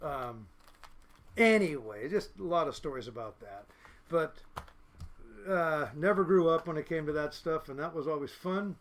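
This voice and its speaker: With a fairly high pitch and an animated delivery at a moderate pace, a fifty-something U.S. fishing captain spins rambling, blunt, salty tales as a podcast guest.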